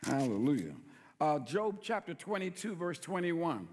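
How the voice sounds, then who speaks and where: Pastor, male, lively folksy preacher with a high voice, recorded in an echoing sanctuary. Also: unhurried. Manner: folksy, playful preaching with call-and-response questions. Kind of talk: sermon.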